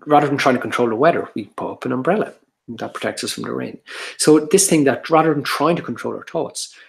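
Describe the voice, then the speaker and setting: A man's voice: mid-range voice, vocal fry. A man giving an earnest, explanatory workshop talk on social anxiety, often restarting his sentences.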